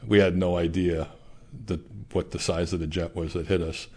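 A man being interviewed, recounting a personal experience in a measured, reflective way. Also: low voice, flat delivery, a little mellow, breathy edge.

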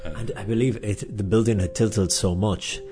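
A man's voice: on the low side, steady tone, normal speed, music in the background. A man interviewing a guest for a documentary, asking probing, empathetic questions.

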